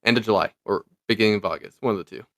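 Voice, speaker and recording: A man's voice: lowish voice, fairly bright tone, dry recording, clean studio sound. A man co-hosting a casual podcast, joking and teasing as he chats. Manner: joking, quick to riff and tease. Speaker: podcast co-host.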